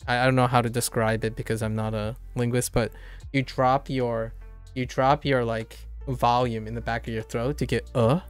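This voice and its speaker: A man's voice: mid-range voice, little pitch movement, normal speed, clear, resonant tone, faint music behind. A man streaming a casual lesson on Japanese sounds, rambling, correcting himself and laughing often. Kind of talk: casual live-stream explanation.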